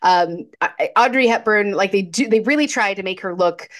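A woman's voice: medium pitch, normal speed, fairly bright tone. Chatty woman with lots of fillers. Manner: chatty, laughing, many fillers and restarts. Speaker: podcast co-host. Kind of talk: casual film chat.

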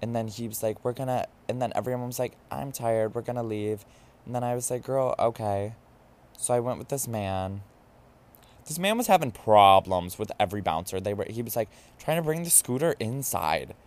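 A man's voice: medium pitch, animated, a little fast. A man telling a story in a chatty, gossipy way, full of "like" fillers. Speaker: vlogger. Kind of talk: casual storytelling.

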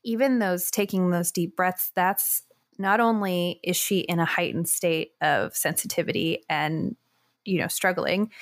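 A woman in her thirties hosts a relaxed podcast conversation, musing aloud and getting animated as she talks things through. Her mid-range voice is recorded dry and close, with no room sound. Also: medium pitch, no echo. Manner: animated, thinking aloud with many "like"s. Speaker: podcast host. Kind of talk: casual chat.

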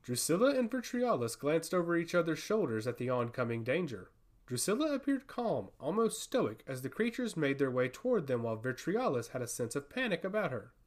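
A man narrating a fantasy story in an expressive storytelling manner. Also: fairly high pitch, fairly quick. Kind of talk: audiobook fantasy reading.

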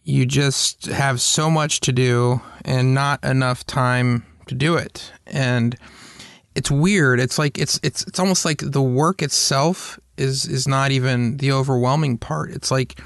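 A man's voice: medium pitch, steady tone, measured pace, creaky, a bit bright, dry recording, studio quality. A man hosting his own podcast, chatting casually and self-deprecatingly, with lots of restarts and tangents. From Atlanta area, US. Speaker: podcast host. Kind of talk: casual monologue.

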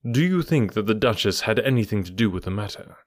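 A man voicing a shrewd, cool middle-aged detective who speaks in a bland, measured way. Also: on the low side, animated, no echo, studio quality, lightly acted. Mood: blandly probing.

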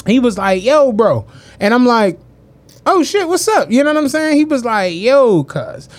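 A man with a very high voice, at normal speed, co-hosts a casual podcast and tells an animated story. His talk is slangy, and he acts out the voices of the people he quotes.

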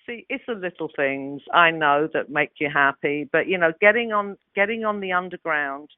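A woman in her sixties with a London Cockney accent, telling animated stories with laughs as a guest actress. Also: low-pitched, moderate pace, dry recording. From London, England. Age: 60s. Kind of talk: casual anecdote. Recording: tinny phone-like audio.

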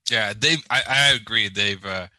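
Brief: man, very bright tense tone, dry close mic, rambling banter. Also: lowish voice, moderate pace, no echo, low-quality recording. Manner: rambling, animated, laughs often. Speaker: podcast co-host. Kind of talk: casual chat.

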